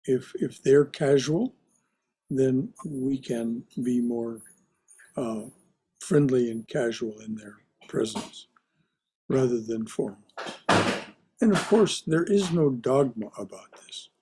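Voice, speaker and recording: A man leading a discussion class, speaking in a slow, thoughtful and hesitant way. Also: medium pitch, mellow, slightly rough. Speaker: class teacher.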